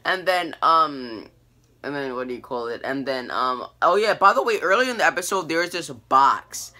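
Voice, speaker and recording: A teenage boy talks through an episode recap in a loose, rambling way, tripping over restarts and fillers. His voice is very bright and sits a little high for a guy. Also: normal speed. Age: teens. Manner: rambling, many fillers and restarts, animated quoting. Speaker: TV review vlogger. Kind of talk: casual recap and review.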